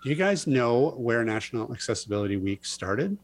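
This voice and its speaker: A man's voice: medium pitch, big pitch swings, fairly quick, no echo. Teasing man hosting a podcast. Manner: teasing, playful, chatty. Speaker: podcast host. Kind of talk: casual podcast banter.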